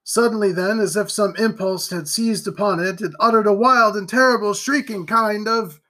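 A man narrating a gothic novel as an audiobook in an expressive, theatrical reading. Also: high voice, normal speed.

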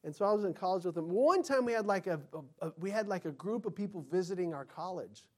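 Animated male pastor preaching. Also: high-pitched, fast talker. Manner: animated storytelling, acts out quotes, swings from loud to whispering. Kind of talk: sermon.

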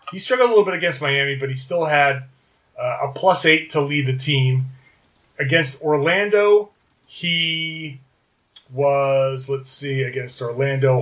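A man's voice: a little high, a bit bright. A man co-hosting a casual sports podcast, running through stats and correcting himself as he goes. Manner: reads off stats, self-correcting. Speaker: podcast co-host.

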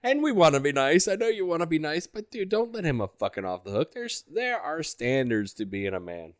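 A man's voice: fairly high pitch, very animated, fairly quick, no room sound, studio quality. A man co-hosting a podcast in casual chat, bluntly spinning theories and swearing. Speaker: podcast co-host.

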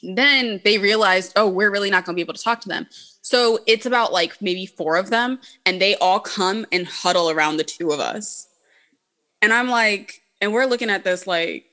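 Bright-voiced woman telling blunt stories. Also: medium pitch, normal speed. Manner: blunt and profane, heavy use of "like". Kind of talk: casual chat, storytelling.

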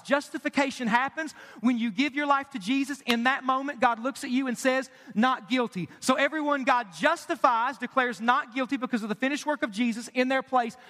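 A man in his thirties preaching with a strikingly high, bright, forceful voice. He presses his points with rhetorical questions and sudden hushed drops. The sound rings with the long reverb of a large hall. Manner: emphatic, asks the congregation questions, drops to quiet for emphasis. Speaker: pastor. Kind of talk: sermon.

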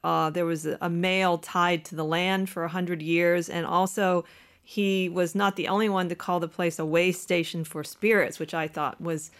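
Smooth-voiced podcast host. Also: mid-range voice, flat delivery, normal speed, fairly bright tone. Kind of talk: casual chat.

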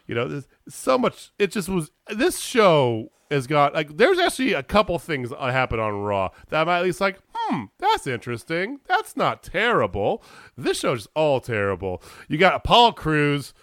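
A man in casual chat about wrestling, ranting in an animated way and swearing freely. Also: fairly high pitch, moderate pace, hardly any pauses, no echo, clean studio sound. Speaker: podcast co-host.

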